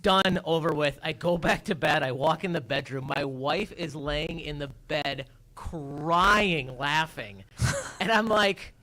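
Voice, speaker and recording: A man co-hosting a casual morning radio show, telling a story with lively acted-out voices. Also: a little high, slow. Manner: animated storyteller, acts out his own voice and sounds. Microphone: studio microphone.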